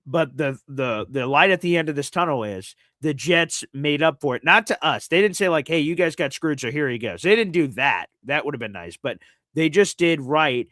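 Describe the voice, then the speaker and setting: A man hosting a casual live sports talk show, telling a story in an animated way and jumping into high shouts when he quotes himself. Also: moderate pace, dry recording, clean studio sound. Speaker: sports digital radio host.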